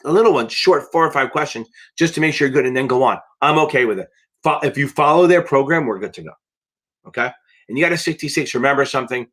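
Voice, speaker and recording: A man's voice: mid-range voice, a bit bright. A man tutoring for a finance licensing exam on a live question-and-answer stream, talking bluntly and emphatically and swearing for emphasis.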